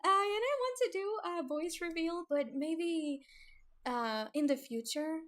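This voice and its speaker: A young woman chatting casually on a livestream about her comic, nervous and giggly, halting with many fillers and restarts. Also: extremely high pitch, fairly bright tone. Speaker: webcomic creator streaming.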